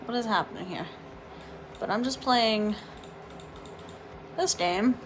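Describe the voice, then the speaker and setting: A woman's voice: on the high side, takes it slowly, background noise. A young woman chatting casually on a home vlog, swearing, laughing and ranting about her cat and her neighbors, filmed on a phone. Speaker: vlogger. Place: home, bathroom and office.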